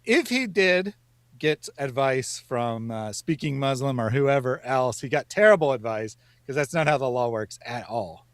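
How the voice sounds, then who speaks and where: A man co-hosting a livestream, explaining points in a measured, step-by-step way. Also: mid-range voice, animated, no room sound. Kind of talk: casual livestream chat.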